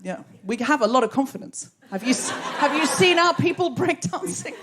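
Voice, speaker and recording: A woman's voice: high-pitched, expressive, moderate pace, very noisy. An Australian woman hosting a live comedy podcast, laughing and riffing with the audience from a theatre stage. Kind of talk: live stand-up crowd work.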